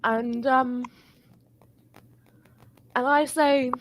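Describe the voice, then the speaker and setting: A woman telling an animated, sweary story in a casual live chat. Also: high-pitched, drawn-out words, slight background noise. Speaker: guest.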